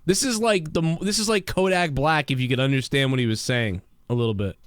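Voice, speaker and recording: A man's voice: mid-range voice, a little fast, no echo, clean studio sound. A man hosting a livestream show, ranting in a brash, profane, rambling way. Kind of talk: ranting live commentary.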